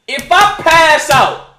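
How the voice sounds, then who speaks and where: A man streaming and reacting to clips in casual, profane, animated chat, often laughing. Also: very high voice, echoey room.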